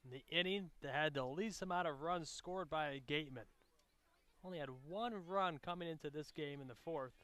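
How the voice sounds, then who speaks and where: A man's voice: fairly high pitch, normal speed, no echo. Man giving baseball color commentary. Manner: steady, stat-focused analysis. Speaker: color analyst.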